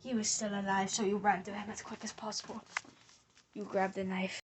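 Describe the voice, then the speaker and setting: A woman's voice: medium pitch, level tone, normal speed, noisy background. A woman narrating a mystery reveal, theatrically accusing the culprit as she retraces the crime step by step.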